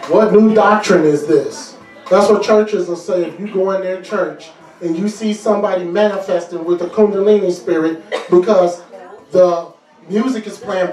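A high-pitched man preaches deliverance with lively energy and humorous asides. His voice rings through a reverberant church hall, picked up from a distance with faint music underneath. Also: moderate pace. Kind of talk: deliverance sermon. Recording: echoey room, mic far off, faint music.

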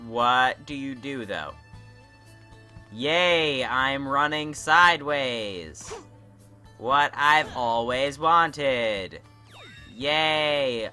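Foul-mouthed ranting young man, bright voice. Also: mid-range voice, animated, extremely slow, soft background music. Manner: profane, sarcastic ranting. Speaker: gaming YouTuber. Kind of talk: let's play commentary.

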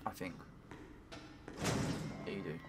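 A man giving let's play commentary while he plays, talking to himself, swearing often and breaking into excited cries. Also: slow pace, heavy background noise. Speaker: gaming commentator.

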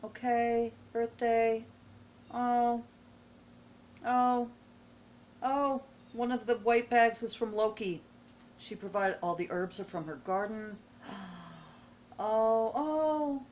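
A woman's voice: a little high, fairly even intonation, takes it slowly, long pauses, a little hiss or hum. A middle-aged woman vlogging at home, opening a package with gushing, emotional exclamations. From United States. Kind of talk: casual vlog unboxing. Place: at home indoors.

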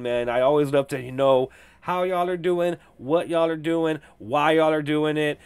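A man's voice: on the high side, a little slow, clear, resonant tone, no room sound. A young man hosting a casual solo podcast, rambling, swearing and joking with lots of fillers. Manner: profane, jokey, rambling with frequent fillers. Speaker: podcast host.

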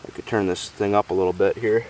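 A man's voice: lowish voice, fairly even intonation, fast talker, a little mellow. A man hosting an outdoor cooking vlog, chatty and enthusiastic in a folksy way. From US Midwest. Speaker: outdoor show host. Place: outdoors near woods. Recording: distant outdoor mic, faint noise.

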